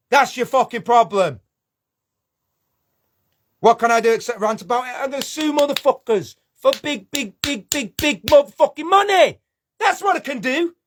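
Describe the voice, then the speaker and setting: A man's voice: very high voice, fairly bright tone. A man ranting angrily to camera, swearing and confrontational. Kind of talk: angry video rant.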